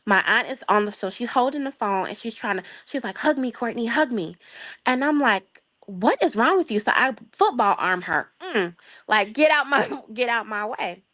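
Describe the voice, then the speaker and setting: A young adult woman from the Chicago area, a guest telling a long story in a casual chat, lively and acting out the voices of the people in it. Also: fairly high pitch, moderate pace. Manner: lively, acts out quoted voices, laughs often.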